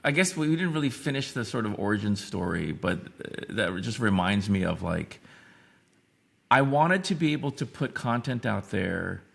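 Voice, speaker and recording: A man's voice: lowish voice, big pitch swings, moderate pace, vocal fry, a bit bright, slightly rough. A man in his fifties, a podcast guest, talking reflectively in a rambling way with many restarts. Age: 50s. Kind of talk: casual interview talk.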